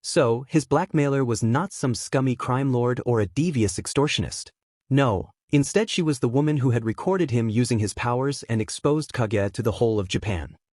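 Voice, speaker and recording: A man reading a fan fiction story aloud in a steady, plain manner. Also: mid-range voice, moderate pace, no echo, studio quality. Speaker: narrator.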